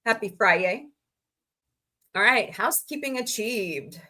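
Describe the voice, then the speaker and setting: A woman's voice: mid-range voice, expressive, unhurried, bright, forceful tone. A woman from Missouri hosting a casual live stream, chatty and rambling with frank asides to her viewers. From Missouri, USA. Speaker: livestream host.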